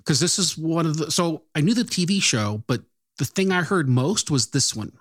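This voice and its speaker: A man co-hosting a music podcast, talking casually about songs and albums, and he speeds up when excited. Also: fairly high pitch, moderate pace, no echo, studio quality. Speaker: podcast co-host.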